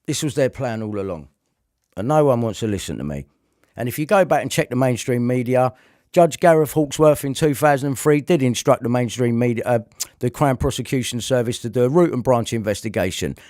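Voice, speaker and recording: A man's voice: medium pitch, lively intonation, fairly quick, a little mellow, no echo, studio quality. A man delivering a heated, repetitive rant to camera, swearing often. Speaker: vlogger.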